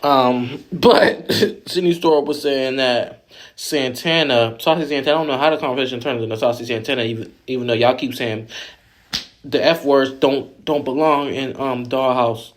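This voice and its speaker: A man's voice: medium pitch, normal speed. A man hosting a vlog, recapping a reality show in blunt, profane, opinionated casual commentary that rambles with restarts.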